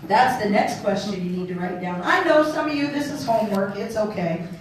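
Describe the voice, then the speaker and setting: A woman pastor preaching a sermon in a lively, playful way, acting out voices and laughing along. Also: mid-range voice, brisk, a little hiss or hum. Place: church hall. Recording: echoey hall, mic far off.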